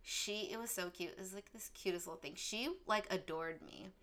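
A woman's voice: lowish voice, a little fast, fairly bright tone. A young woman in casual chat, recalling growing up with siblings and hesitating often.

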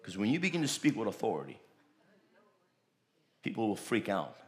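A man's voice: fairly low pitch, huge pitch swings, normal speed, darkish tone. A man preaching a sermon, with emphatic, repetitive declarations that rise in bursts.

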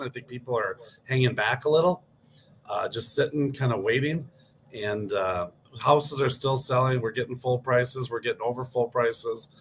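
A man's voice: mid-range voice, fairly bright tone, slight background noise. A man co-hosting a casual real estate talk, easygoing and telling stories. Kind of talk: casual chat.

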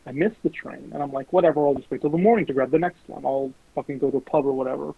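A young man casually telling animated, sweary stories about his dating life. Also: mid-range voice, very fast, creaky, breathy edge, no room sound. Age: young adult. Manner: animated, swearing, mimics voices in quotes. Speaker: guest. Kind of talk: casual storytelling. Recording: lo-fi phone-like recording.

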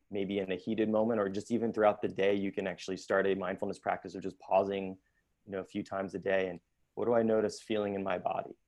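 A man, an emotion-focused therapist, giving a calm, measured talk on mindfulness in an online workshop. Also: lowish voice.

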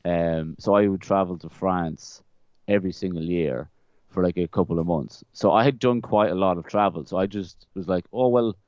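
A man's voice: mid-range voice, no echo. A young man, a podcast guest, telling stories in a loose, rambling way, often repeating words and laughing. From Ireland. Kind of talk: casual conversational storytelling. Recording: slightly dull, dry close-mic sound.

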